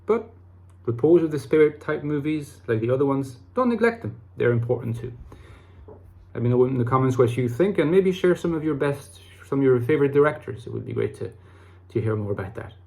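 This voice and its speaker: Brisk and dark-toned, a man's mid-range voice carries his casual talk to camera on his YouTube channel about personality types. His delivery is reflective and rambling, full of fillers and restarted phrases.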